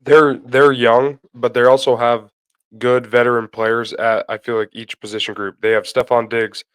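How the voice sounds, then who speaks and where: A man co-hosting a sports podcast in a relaxed, conversational way, full of casual fillers. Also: mid-range voice, normal speed, clear, resonant tone, no echo, poor audio. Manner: relaxed, conversational, many fillers like "kinda" and "I mean".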